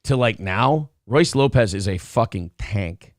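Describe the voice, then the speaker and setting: A man's voice: on the low side, animated, unhurried, dry recording, studio quality. A man co-hosting a casual morning live stream, reading viewer messages aloud and trash-talking rivals with brash, boastful swagger. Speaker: co-host of a morning show.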